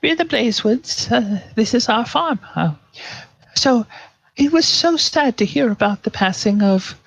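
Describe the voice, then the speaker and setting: A man voicing a fussy middle-aged farm wife who chatters hesitantly in a very high voice. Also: expressive, a little slow, gravelly, a bit bright, dry recording, exaggerated voice, poor audio. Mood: chatty.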